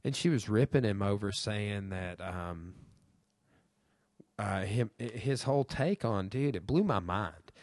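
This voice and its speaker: A man's voice: lowish voice, animated, slow, a little mellow, dry recording, clean studio sound. A young man hosting a podcast, talking in a rambling way with lots of fillers and swearing. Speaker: podcast host. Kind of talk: casual chat.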